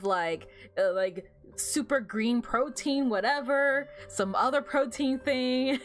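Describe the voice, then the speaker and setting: With a fairly bright tone on the high side, this young VTuber chats casually while streaming a game. She giggles and rambles, using lots of fillers.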